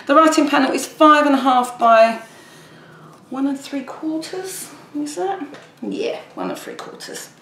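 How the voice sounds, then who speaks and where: A woman's voice: high-pitched, sing-song, measured pace, a bit bright. Chatty woman doing a craft demo. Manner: chatty, rambling, talks while working. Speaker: papercraft tutor. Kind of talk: casual crafting tutorial. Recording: echoey room with faint background noise.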